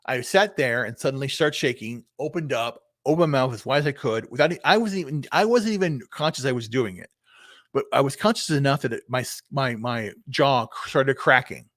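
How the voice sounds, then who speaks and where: A man's voice: medium pitch, expressive, a little fast, a bit bright, no room sound, studio quality. A man in his fifties doing a solo livestream, thinking aloud in a meandering way with many restarts, repeated words and casual swearing. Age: 50s. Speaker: vlogger. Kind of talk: rambling solo livestream talk.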